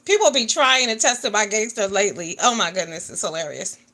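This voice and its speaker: Woman livestreaming from home, bright tense voice, goes loud to hushed with her viewers. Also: mid-range voice, brisk. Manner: animated, greets viewers, swings from loud to quiet. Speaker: livestream vlogger. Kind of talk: casual livestream chat. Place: home in the US Northeast.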